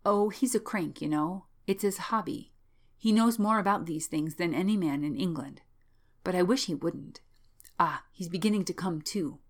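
A woman voicing a worried young male student in a storybook reading, with a low voice and anxious, confiding speech. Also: moderate pace, natural voice.

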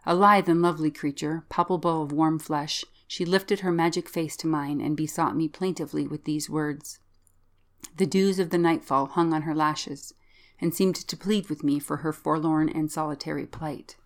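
A woman reading a gothic story aloud in measured, dramatic first-person narration. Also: sits low, fairly even intonation.

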